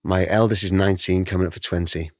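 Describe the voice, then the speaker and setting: Deep-voiced middle-aged man, animated storyteller. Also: quick pace, no echo, studio quality. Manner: animated, acts out quoted voices, emotional. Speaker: guest artist. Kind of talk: reflective interview storytelling.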